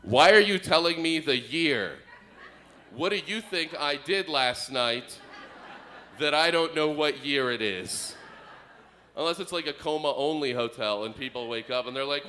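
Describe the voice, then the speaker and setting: Bright-voiced stand-up comedian, rambling. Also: male voice, mid-range voice, unhurried, long pauses, a little hiss or hum. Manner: rambling observational storytelling. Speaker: comedian and co-host. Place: stage before a live audience.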